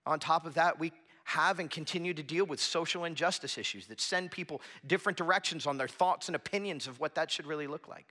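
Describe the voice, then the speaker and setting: A man with a bright, fairly high voice preaches a sermon to a small church gathering. He talks earnestly and conversationally, circling back and restarting his phrases as he builds his point. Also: fast talker, few pauses. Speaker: pastor. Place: church hall with a small audience.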